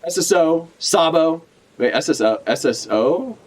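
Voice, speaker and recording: A man's voice: fairly high pitch, expressive, measured pace, darkish tone. A man chatting casually on a live stream as he reacts to a comic chapter, rambling, swearing freely and correcting himself as he goes. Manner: rambling, profane, self-correcting.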